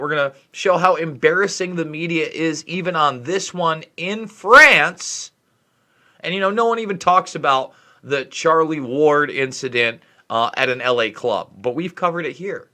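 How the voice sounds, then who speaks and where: A man's voice: fairly high pitch, pushed and bright. Emphatic, indignant male vlog host. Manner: indignant, emphatic, drags out key words. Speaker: online commentary host. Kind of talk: ranting commentary vlog.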